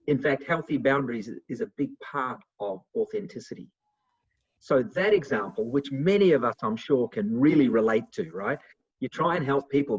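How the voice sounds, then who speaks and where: A man giving a motivational webinar talk over a video call, answering questions and acting out little dialogues in a lively way. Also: mid-range voice, moderate pace, husky. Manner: animated, acts out little dialogues. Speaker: webinar speaker. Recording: muffled video call audio.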